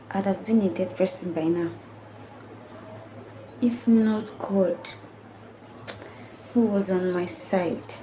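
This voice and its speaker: A young woman tells her own story to camera in an emotional, earnest way, circling back over the same phrases. Her voice is warm and mellow rather than bright. A faint hum sits under her voice. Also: mid-range voice, steady tone, takes it slowly, pauses often, low-quality recording. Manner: emotional, earnest, repetitive retelling. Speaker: family vlogger. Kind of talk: personal story told to camera.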